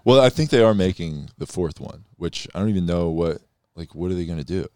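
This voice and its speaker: A man's voice: low-pitched, expressive, brisk, warm tone, no echo, studio quality. A young man in casual, laid-back chat, full of slang and swearing.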